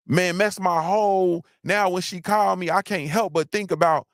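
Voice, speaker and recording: A man's voice: high-pitched, steady tone, normal speed, no echo, clean studio sound. Slangy rambling male livestream host. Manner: slangy, rambling, shouts out chat names. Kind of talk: casual livestream chat.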